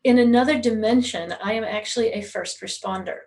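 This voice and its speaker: A woman's voice: on the high side, a little fast, gravelly, darkish tone, rough recording. Laughing woman telling a story. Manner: laughs often, acts out quoted voices. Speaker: guest. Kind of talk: casual interview, storytelling.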